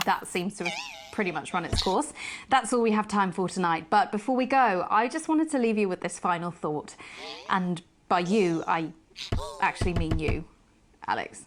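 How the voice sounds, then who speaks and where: A woman's voice: on the low side, noisy background, natural voice. An actress playing a posh female news anchor with a refined, composed delivery that drifts into confiding pleas. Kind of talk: scripted game performance.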